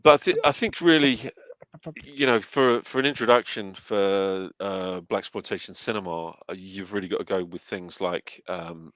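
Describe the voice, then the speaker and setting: A man's voice: deep voice, fairly bright tone, no echo. A man with an English accent hosting a casual film chat, talking enthusiastically with lots of restarts and fillers. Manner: enthusiastic, halting with many restarts. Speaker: host.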